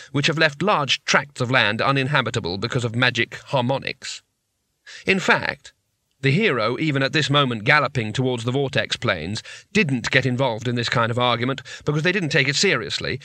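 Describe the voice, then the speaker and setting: A man's voice: mid-range voice, bright, forceful tone, dry recording. A man narrating a comic fantasy audiobook in a wry, dry storytelling manner.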